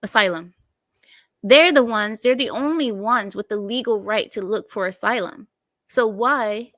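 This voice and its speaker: A woman's voice: medium pitch, measured pace, a bit bright, no echo. A woman hosting a casual news commentary chat, sarcastic and digressive, often laughing at her own asides. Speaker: online commentary host.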